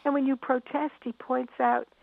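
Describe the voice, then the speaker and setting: Over a tinny, phone-like, dry line, a middle-aged author and parenting expert tells stories animatedly in conversation, acting out scenes and laughing often. Her voice is high with vocal fry and little pitch movement, she speaks at normal speed, and there is no echo.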